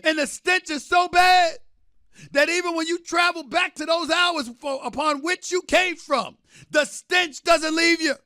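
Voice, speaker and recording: High, bright-voiced man ranting loudly. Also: steady tone, dry recording, clean studio sound. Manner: emphatic, theatrical, often shouting; drawn-out repetition for effect. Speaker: sports debate host. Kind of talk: impassioned sports talk rant.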